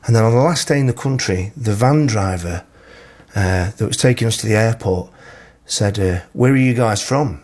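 A man's voice: on the low side, moderate pace, a little mellow, breathy edge. A man with a Manchester accent, chatting casually and self-deprecatingly as a radio presenter from his small home, with plenty of filler words. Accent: Mancunian English. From Manchester, England.

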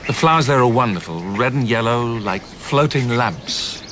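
An actor playing a middle-aged gentleman with a soft, wistful, reflective manner. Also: mid-range voice, lively intonation, moderate pace, background noise, natural voice. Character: Peter Walsh, middle-aged gentleman, old suitor.

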